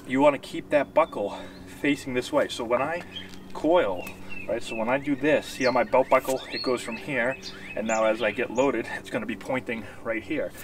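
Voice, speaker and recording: A man with a mid-range voice coaches baseball hitting, explaining and demonstrating moves and checking that viewers are following, slightly out of breath. The instructional clip comes from a distant outdoor camera, with faint ambience and background noise.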